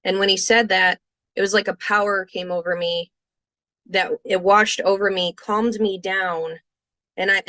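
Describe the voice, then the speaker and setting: Earnest bright-voiced woman telling a story. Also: mid-range voice, no echo. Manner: earnest, halting with restarts and quoted inner thoughts. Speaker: podcast guest telling her near-death experience. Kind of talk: personal storytelling interview.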